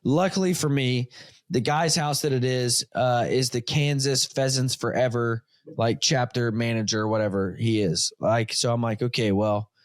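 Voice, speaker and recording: A man in his thirties hosts a relaxed chat, spinning an animated tale and slipping into the voices of each person in it. His voice sits at a middle pitch and is recorded close and dry, with no room around it. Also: moderate pace, no room sound. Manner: animated storyteller who acts out dialogue. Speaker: podcast host. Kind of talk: casual chat. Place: home studio.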